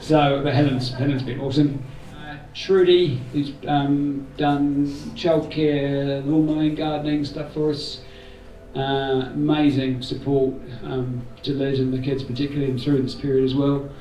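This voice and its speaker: Speaking at a measured pace, this man has a mellow, medium-pitched voice and keeps his tone level. He's the organiser, giving the assembled group a loose, joke-sprinkled thank-you that wanders a little. The indoor community room is spacious and he's captured from a distance.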